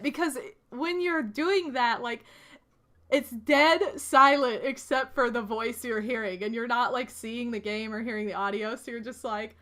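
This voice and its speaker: A young woman streaming to her chat, talking in an excitable, gushing rush full of fillers and restarts. Her voice sits a bit high and sounds bright and forward. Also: normal speed.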